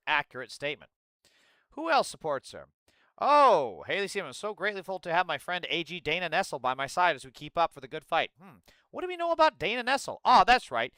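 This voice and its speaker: Male commentator, sarcastic and profane, with a crisp, dry sound. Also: fairly high pitch, sharp tone, dry recording. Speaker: political commentator. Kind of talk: ranting political commentary.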